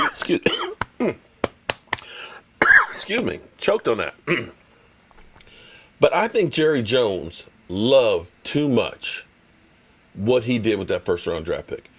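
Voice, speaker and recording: Animated male sports talk host. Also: on the low side, slow, pauses often, breathy edge. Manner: animated, argumentative, reads super chats. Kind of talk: live-streamed sports rant.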